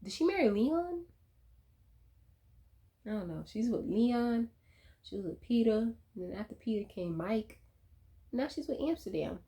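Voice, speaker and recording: A woman casually recapping a reality TV episode, animated and profane, with laughing asides. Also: a little high, a little slow, long pauses. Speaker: reality TV commentator.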